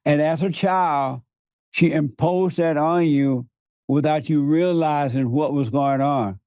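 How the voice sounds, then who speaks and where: A man with a rather high but mellow voice preaches in conversation, piling up repeated words for emphasis and chuckling between points. The sound is dry and close. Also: slow, clear, resonant tone, no echo. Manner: laughs often between points. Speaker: guest.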